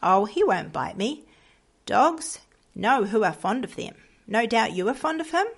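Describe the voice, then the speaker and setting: A woman voicing an earnest, pious woman in a storybook who gently reproaches a stranger. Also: fairly high pitch, sing-song, measured pace, creaky, husky, full character voice. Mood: coaxing.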